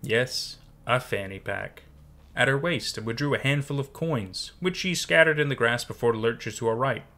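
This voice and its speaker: A man reading a first-person horror story aloud in measured, tense scripted narration. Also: mid-range voice, bright, forceful tone.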